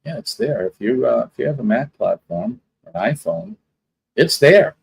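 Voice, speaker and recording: A man's voice: medium pitch, expressive, moderate pace, creaky, slight background noise, poor audio. A man hosting a casual live stream, greeting viewers one by one in a rambling, chatty way. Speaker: livestream host.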